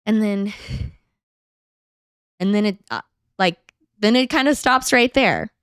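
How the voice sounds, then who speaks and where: A woman's voice: medium pitch, animated, slow pace, fairly bright tone, smooth, no room sound, clean studio sound. A woman in her thirties, a podcast guest, telling a personal story casually, acting out other people's lines and laughing often.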